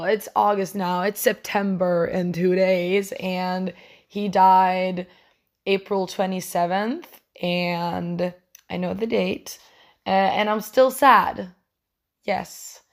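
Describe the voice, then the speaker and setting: A young woman hosts her own podcast alone, telling stories in a loose, rambling way. She swears freely and keeps correcting herself mid-sentence. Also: mid-range voice. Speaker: podcast host. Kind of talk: casual solo podcast chat.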